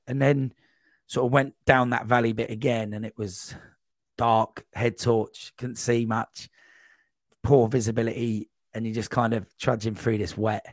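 A man guest on a podcast, telling a long, rambling running anecdote in a casual, animated way. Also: lowish voice, no room sound. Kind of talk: casual storytelling.

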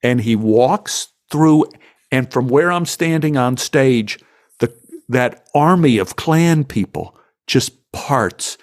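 An emotional, animated male storyteller. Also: medium pitch, slow. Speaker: actor guest. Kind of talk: anecdotal storytelling in an interview.

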